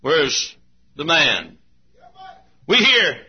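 A man preaching a sermon in a church, folksy and often shouting, laughing along as he goes. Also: high-pitched, expressive, normal speed, husky, muffled recording. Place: church auditorium.

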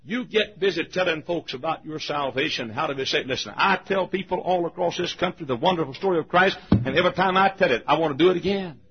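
An older man preaching a sermon, telling a story and acting out the voices, shouting at the high points. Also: fast talker, few pauses, a little hiss or hum. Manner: animated, acts out voices, shouts at peaks. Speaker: pastor. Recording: muffled lo-fi recording.

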